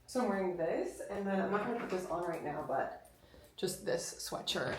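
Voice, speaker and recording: A woman's voice: fairly low pitch, animated, normal speed, a little hiss or hum. A young woman vlogging casually to her phone, chatty and full of "like.". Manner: chatty, peppered with "like". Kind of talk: casual travel vlog chat.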